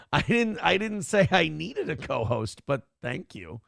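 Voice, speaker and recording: A man hosting a live stream in a blunt, combative way, swearing freely as he reads donations aloud. His voice sits a little high for a man, with a gravelly fry. The sound is close and dry. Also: big pitch swings, a little slow, a bit bright, no room sound. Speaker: host of a live-streamed morning show. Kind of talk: casual live-stream talk reading donations.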